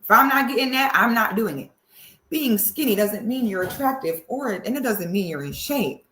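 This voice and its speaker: A woman doing reaction commentary in a sassy, animated, drawling way. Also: a little high, normal speed, reverberant. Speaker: commentary host.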